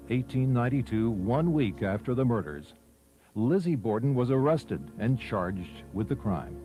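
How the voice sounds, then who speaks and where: A man giving measured, scripted documentary narration. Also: mid-range voice, poor audio. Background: soft music bed.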